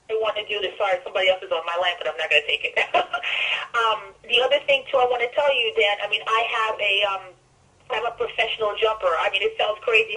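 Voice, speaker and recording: New female caller, emphatic and excitable, forceful tone, distant phone-line sound. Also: on the high side. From New York. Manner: enthusiastic, emphatic, talks in bursts. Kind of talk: emotional testimonial call.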